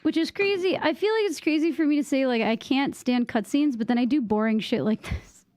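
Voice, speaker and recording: A young woman, a gaming streamer, chats casually while playing, rambling, easily distracted and full of "like" fillers. Her voice sits high and brisk with a darkish tone, and the recording is dry.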